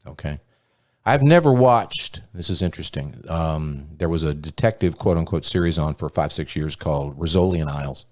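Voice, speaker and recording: A man's voice: extremely low pitch, expressive, moderate pace, a little mellow. A man hosting a casual podcast chat, telling stories in a rambling, profane way. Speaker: podcast host.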